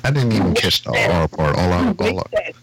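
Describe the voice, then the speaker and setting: A man's voice: sits low, very animated, moderate pace, gravelly, husky. A man casually recounting a run-in at work, acting out the dialogue and stammering on restarts. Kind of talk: casual storytelling with swearing.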